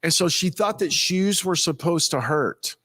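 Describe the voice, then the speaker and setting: A man's voice: on the high side, unhurried, breathy edge, no room sound. A man, a pastor, telling stories in a folksy, rambling way and acting out the people he quotes. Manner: animated, acts out quoted people with a raised voice. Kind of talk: casual storytelling talk.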